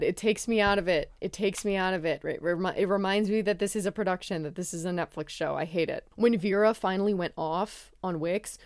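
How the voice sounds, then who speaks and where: A woman giving a casual, expressive film review, swearing freely and gushing over scenes. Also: medium pitch, dry recording, clean studio sound. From ex-Catholic.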